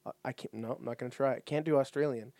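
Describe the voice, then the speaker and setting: A man's voice: mid-range voice, fairly even intonation, fast talker, darkish tone, no room sound. A man co-hosting a podcast in casual recap chat, often repeating words as he starts a thought and laughing easily. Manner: stammering restarts, laughs easily. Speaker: podcast co-host.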